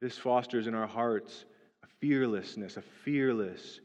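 A man's voice: medium pitch, a little slow, darkish tone. A male pastor preaching a sermon in a conversational way, often checking in with "right?". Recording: dull lo-fi sound with long hall reverb.

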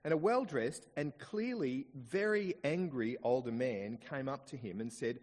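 An Australian man preaching a sermon in church, slowing down to dwell on quoted scripture. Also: medium pitch, big-room sound. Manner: expressive preaching, slows down to stress quoted scripture. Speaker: pastor.

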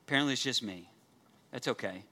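Male pastor mid-sermon; bright, ringing tone; emphatic, repeats lines for weight. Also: medium pitch, fast talker. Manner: preaching with earnest emphasis, repeating key phrases; asks the congregation direct questions.

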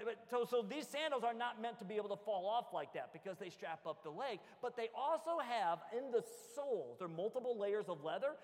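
A man preaching a sermon as pastor, animated and joking, acting out little everyday scenes. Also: sits high. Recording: long hall reverb.

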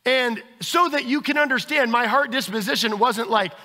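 A man's voice: very high-pitched, normal speed, hardly any pauses, bright, forceful tone, big-room sound. A man preaching a sermon as pastor, acting out everyday scenes with quoted voices.

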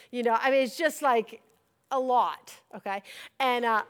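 A middle-aged woman who leads a church, telling a personal testimony in a conversational storytelling way and acting out what she once said. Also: sits high. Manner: conversational storytelling, acts out her own past words. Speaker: church leader giving a testimony.

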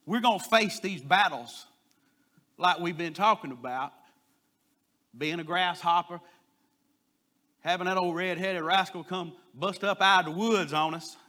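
A man preaching a sermon, telling a folksy story and pushing louder on his key points. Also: high-pitched, measured pace, pauses often.

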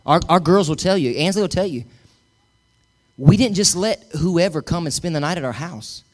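A middle-aged male pastor preaching a sermon, emphatic and calling on the congregation to repeat after him. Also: fairly high pitch. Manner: emphatic, calls for congregation responses.

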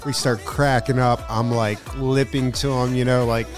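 A middle-aged man hosting his podcast, telling a vacation story in a casual, excited way and calling the listener "dude" a lot. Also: mid-range voice, normal speed, music in the background. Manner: excited, slangy, keeps saying "dude". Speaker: podcast host.

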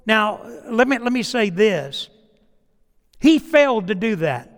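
A man's voice: high voice, sing-song, takes it slowly, long reverb tail. A middle-aged male pastor preaching a sermon, telling stories and acting out the dialogue in them.

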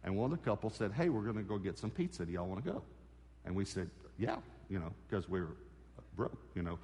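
A man's voice: low voice, animated, brisk, darkish tone, in a large hall. A man preaching a sermon, telling a personal story and acting out the conversations in it. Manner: storytelling, acts out dialogue with God. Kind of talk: sermon testimony.

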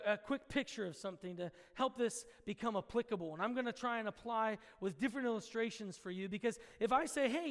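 A man with a very high voice preaches to his congregation, chatty and informal, then breaks into sudden loud exclamations. His voice rings through a church hall with a long echo. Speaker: pastor. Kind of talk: sermon.

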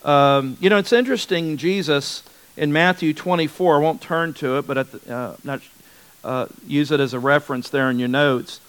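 A man leads a Bible study in an easygoing, conversational teaching voice. His voice sits somewhat high and sounds smooth and resonant, and he hammers home key words by repeating them. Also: normal speed, fairly bright tone, poor audio. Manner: conversational, repeats words for emphasis, frequent restarts.

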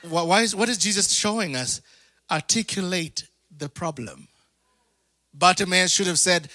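A man with a high, bright voice preaches with lots of energy and calls out to his congregation for amens. He slips into quick put-on voices and laughs along the way. The sound is dry and close. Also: no room sound. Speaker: pastor. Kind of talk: sermon.

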